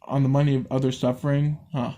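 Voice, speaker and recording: A man voicing a cold, mocking young woman killer in a spoken horror story, dark and mellow tone, stumbles and restarts. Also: mid-range voice, little pitch movement, fast talker, lo-fi sound, natural voice. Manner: read aloud with stumbles and restarts.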